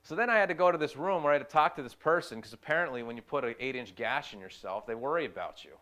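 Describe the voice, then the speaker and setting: A young man gives a personal testimony at a middling pitch. He speaks earnestly and haltingly, often repeating a phrase before going on. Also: animated, bright, forceful tone. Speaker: youth ministry volunteer.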